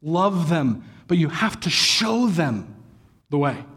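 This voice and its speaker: Husky animated man preaching a sermon. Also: a little high, slow pace. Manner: animated storytelling with acted sighs and exclamations. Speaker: pastor.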